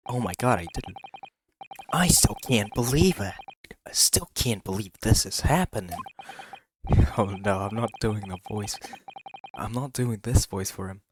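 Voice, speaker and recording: A man's voice: on the low side, a little slow, noisy background. A man streaming a game, reading its text aloud and reacting with giggles and stumbles. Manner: giggly, excitable, stumbling over words. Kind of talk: casual let's-play commentary. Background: game music.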